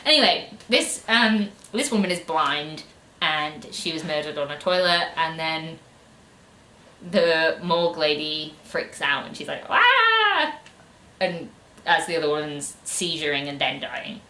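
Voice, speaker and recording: A woman's voice: sits low, unhurried, pushed and bright. A woman ranting sarcastically about a book in a casual review, full of fillers. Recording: echoey room.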